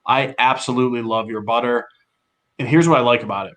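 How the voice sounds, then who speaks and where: A man co-hosting a relaxed podcast, speaking at an ordinary mid pitch. He cracks jokes and then asks the guest questions in a loose, conversational way. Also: fast. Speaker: podcast co-host. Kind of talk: casual podcast chat.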